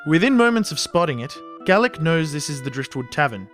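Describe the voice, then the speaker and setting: Man narrating fantasy over soft music. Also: a little high, sing-song. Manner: measured, storytelling.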